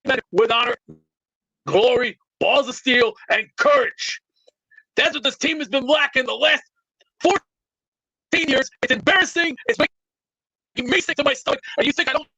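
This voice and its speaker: Brash caller, very high and bright, loud rambling tough-guy bluster on a dull lo-fi internet line. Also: no room sound. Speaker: show caller. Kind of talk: comedic call-in rant. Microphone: remote internet call. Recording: lo-fi internet call audio.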